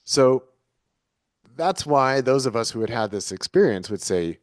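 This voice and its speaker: This interview guest has a medium-pitched, animated voice and talks a little slowly, earnestly searching for his meaning and rephrasing his ideas repeatedly. It's a reflective conversational interview, recorded dry with clean studio sound.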